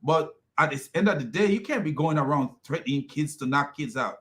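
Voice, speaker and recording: A man's voice: on the high side, lively intonation, brisk, fairly bright tone. A man hosting a commentary video, ranting and mocking as he reacts to clips. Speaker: commentary host.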